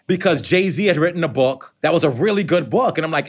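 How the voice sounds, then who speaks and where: Guy answering interview questions, a bit high voice, lively, jumps into quotes. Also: a little fast, hardly any pauses. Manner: animated, conversational, acts out quotes. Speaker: author and educator.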